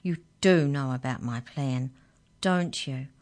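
A woman's voice: extremely low pitch, slow, a little mellow, full character voice. A woman reading a children's story, voicing a sarcastic, scheming young girl who snaps at the others. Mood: snappish. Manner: snappish, sarcastic.

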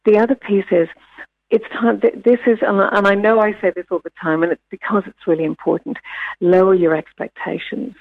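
A woman, a wellbeing expert giving gentle, reflective advice in a radio interview with many fillers and restarts. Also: mid-range voice, fairly even intonation, quick pace, gravelly. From New Zealand. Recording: phone line, dry.

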